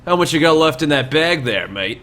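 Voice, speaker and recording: A man's voice: a little high, expressive, brisk, pushed and bright, voice pushed up. A man voicing a swaggering male bandit leader who demands a toll, menacing and mocking, calling people mate. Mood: greedy.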